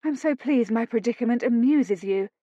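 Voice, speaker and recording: A woman's voice: a little high, normal speed, warm tone, no echo, voice pushed up, natural voice. A woman voicing a prim, frosty young lady. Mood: indignant. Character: indignant proper young lady, prim and sharp-tongued. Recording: dull dry lo-fi studio read.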